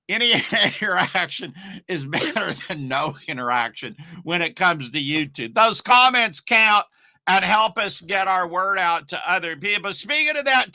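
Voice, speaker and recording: A man's voice: fairly high pitch, pushed and bright, dry recording. A middle-aged man teaching online marketing on a casual live stream, rambling and emphatic, with asides to his viewers.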